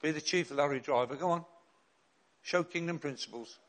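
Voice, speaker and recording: A man's voice: fairly high pitch, moderate pace. An older man, a bishop and chaplain preaching a sermon in an earnest, direct way with rhetorical questions and repeated refrains.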